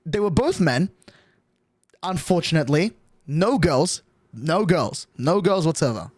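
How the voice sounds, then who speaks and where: A young man chatting to his stream with a lively, bouncing delivery in a slightly raised voice. He rambles through his story, tagging lines with "right?" The sound is close and dry. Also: on the high side, measured pace, no room sound. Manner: animated, rambling, with frequent "right?". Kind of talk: casual storytelling to chat.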